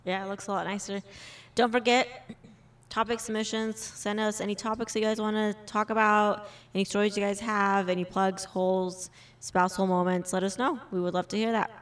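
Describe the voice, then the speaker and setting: A woman's voice: mid-range voice, flat delivery, normal speed. Young woman co-host, casual and giggly, laughs through her stories. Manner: giggly, laughs often while talking. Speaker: podcast co-host. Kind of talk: casual chat.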